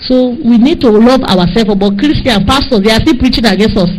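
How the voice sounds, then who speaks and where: A woman with a Nigerian accent, preaching with fervor and telling a dream as testimony, pleading and rising to high cries. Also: fairly quick, a little mellow, rough recording. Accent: Nigerian English.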